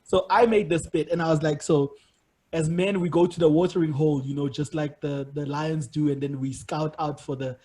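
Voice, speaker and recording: A man with a fairly high, husky voice hosts a podcast in casual conversation. He tells his stories in an animated way and laughs often. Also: moderate pace. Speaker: podcast host.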